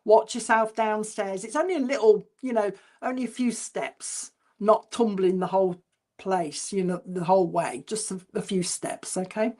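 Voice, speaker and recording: A woman's voice: medium pitch, darkish tone. A woman, a spiritualist medium giving clairvoyant messages at a church service in a chatty, informal way. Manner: chatty and informal, relays messages by repeating them slowly.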